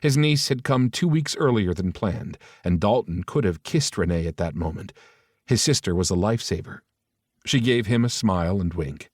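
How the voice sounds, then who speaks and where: A man narrating a romance audiobook in a steady, even reading style. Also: low voice, moderate pace, no echo, studio quality.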